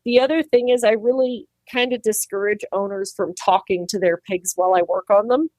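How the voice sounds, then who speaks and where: A woman's voice: mid-range voice, fairly quick, few pauses, dry recording. A woman who trims pig hooves, chatting animatedly in an interview and acting out quoted voices. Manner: animated, acts out quoted voices, laughs easily. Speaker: farrier and pig trimmer. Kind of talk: casual interview talk.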